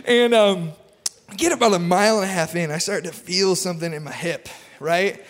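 Male pastor, high voice, easygoing jokey sermon delivery in a reverberant church hall. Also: moderate pace. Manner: energetic, chatty, self-deprecating humor. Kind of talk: casual sermon. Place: church auditorium.

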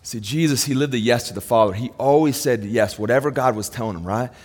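Male pastor, mid-pitched, dynamic sermon delivery, long hall reverb. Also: quick pace. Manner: swings between loud high emphasis and quiet low asides.

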